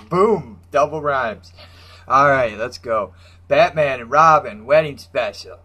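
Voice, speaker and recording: A man's voice: medium pitch, sharp tone. A man ranting casually about comic books in a brash, profane, mocking way. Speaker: comic book reviewer.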